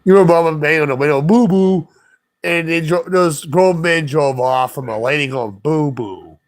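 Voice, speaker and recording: A man with a voice pitched a little above the usual, talking in a loose, profane ramble. He retells a street run-in to a friend, jumping between his own words and quoted voices. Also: fast talker. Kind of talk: casual storytelling chat.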